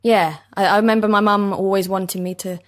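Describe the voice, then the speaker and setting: A young woman with a soft East London accent, an actor chatting in an interview, laughing easily and self-deprecating. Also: medium pitch, fairly even intonation, brisk. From East London, England. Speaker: actor guest. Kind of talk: casual interview chat. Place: basement recording studio.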